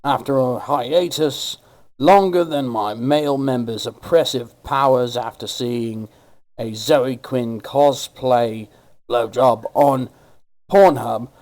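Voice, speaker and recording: A man doing online commentary in a sarcastic, mocking rant. He leans into a put-on accent, rough and gravelly. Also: mid-range voice, slow, darkish tone, low-quality recording. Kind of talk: ranting commentary.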